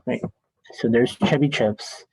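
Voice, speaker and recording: A man's voice: medium pitch, slow pace, darkish tone, breathy edge, no echo, rough recording. A man teaching statistics in a classroom lecture, chatty and joking as he thinks aloud at the board.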